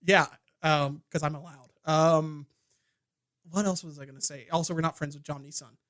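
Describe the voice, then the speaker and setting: High-voiced man in rambling podcast banter. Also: steady tone, normal speed, a bit bright. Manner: rambling, trailing off with fillers and stammers. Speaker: podcast co-host. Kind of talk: casual comedic chat.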